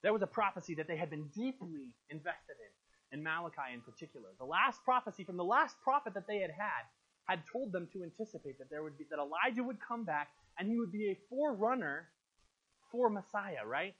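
A man's voice: sits high, expressive, brisk, bright, forceful tone, breathy edge. A male pastor giving a sermon, emphatic and questioning his congregation. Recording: muffled lo-fi recording.

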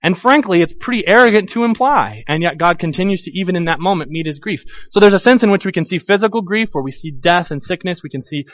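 Animated male pastor, dry dull sound. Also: high-pitched, quick pace, few pauses, dry recording. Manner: animated, acts out quoted voices, many restarts. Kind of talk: conversational sermon.

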